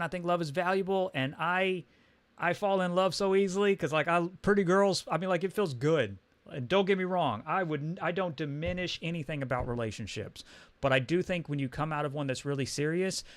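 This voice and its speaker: A man's voice: on the high side, a bit bright, no room sound. Rambling Texan man telling a story. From Texas. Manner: rambling, halting, with many restarts and fillers. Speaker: comics livestream host. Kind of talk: casual storytelling chat.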